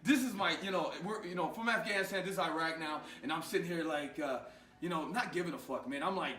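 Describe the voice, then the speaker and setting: A man, an Army veteran, telling an animated, profane war story in casual conversation in a garage. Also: on the high side, fast, roomy sound, far from the mic.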